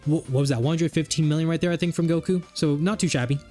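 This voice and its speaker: A man's voice: fairly high pitch, fairly even intonation, quick pace, mellow, faint music behind. Exasperated man rambling over gameplay. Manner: rambling and exasperated, thinking aloud. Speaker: gaming YouTuber. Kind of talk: casual gameplay commentary.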